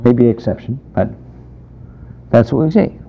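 A man's voice: medium pitch, expressive, a little slow, gravelly, a little hiss or hum. A man teaching a Bible class in a conversational, emphatic way, taking questions from the room. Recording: dull lo-fi lecture recording.

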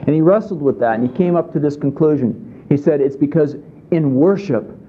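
A man's voice: fairly high pitch, a little fast, slightly rough, dull audio. A man preaching a sermon in a conversational way, often asking his listeners questions. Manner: conversational, asks the congregation questions. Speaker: pastor.

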